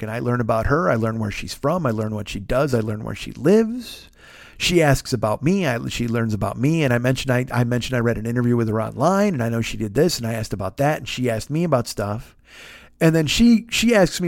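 A man in his fifties, a podcast host, telling a long story in an animated, profane, self-mocking way. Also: medium pitch, fast, no echo, studio quality. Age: 50s. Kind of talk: storytelling monologue.

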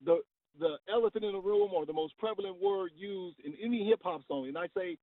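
A man's voice: sits high, brisk, no echo. A man in his fifties calling in to a talk radio show, earnest and often repeating words as he searches for how to put things. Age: 50s. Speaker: caller. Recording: tinny phone line.

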